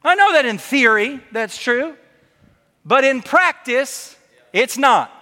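A man preaches a lively sermon in a church sanctuary. His voice sits very high for a man and rings bright and forceful. A long reverb from the hall trails each phrase. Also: takes it slowly. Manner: animated preaching, acts out quoted voices. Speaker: pastor.

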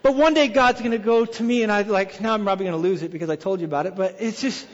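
High-voiced man preaching in a hall. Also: fast talker. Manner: animated storytelling, acts out quoted voices. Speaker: pastor. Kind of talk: sermon. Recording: dull reverberant hall sound.

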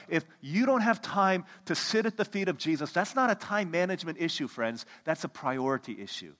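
Pastor in his thirties for a sermon: lively storyteller, raised pitch, room echo of a hall. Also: brisk, hardly any pauses. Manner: animated storytelling, swings from loud to hushed. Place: church sanctuary. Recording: long reverb of a church hall.

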